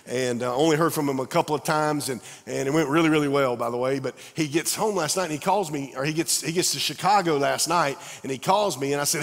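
Pastor preaching in a reverberant hall. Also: male voice, on the high side. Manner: animated storytelling, acting out dialogue. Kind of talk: sermon. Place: large church sanctuary.

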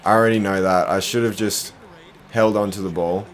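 A young man streaming a basketball video game, commenting live, groaning at his own mistakes and bursting into shouts. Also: low voice, moderate pace. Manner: excitable, groaning, self-deprecating, bursts into shouts. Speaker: gaming streamer.

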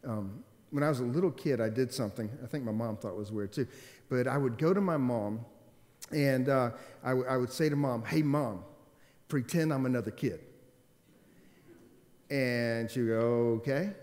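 Pastor preaching in an echoey hall. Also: male voice, mid-range voice, normal speed. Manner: storytelling, swings from loud emphatic to quiet and subdued. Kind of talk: sermon. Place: church. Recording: long hall reverb.

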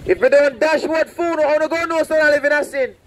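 Guy street preaching by the road, real high voice, fervent and repeating himself, faint traffic behind. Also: fast talker, poor audio. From Saint Vincent. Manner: fervent, repetitive, warning and pleading. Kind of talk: open-air preaching. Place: outdoors on a roadside.

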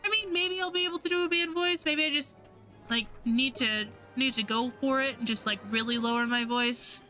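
A woman's voice: high-pitched, normal speed, pushed and bright, faint music behind. Chatty woman streaming a game. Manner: chatty, self-mocking, reads game text aloud. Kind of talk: casual let's-play commentary.

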